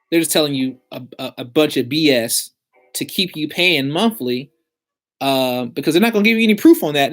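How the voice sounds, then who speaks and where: Blunt streetwise man giving advice. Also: fairly high pitch. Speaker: credit repair advisor. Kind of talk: casual advice vlog.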